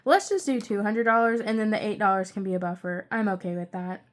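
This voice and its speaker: A young woman chatting casually through her budget, rambling with excitable asides. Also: medium pitch, a little fast. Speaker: budgeting channel creator.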